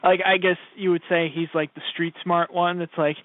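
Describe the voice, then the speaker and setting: A man's voice: high-pitched, level tone, normal speed, dry recording. A man co-hosting a casual anime review podcast, chatty and agreeable, leaning on "like" and "yeah". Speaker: podcast co-host. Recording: dry, phone-like lo-fi recording.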